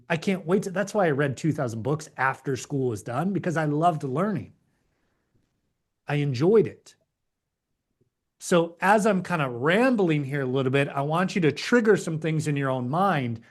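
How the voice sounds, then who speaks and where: A man's voice: a little high, expressive, measured pace. A man teaching a live online class, emphatic and preachy, acting out the inner voices of doubt. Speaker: course instructor.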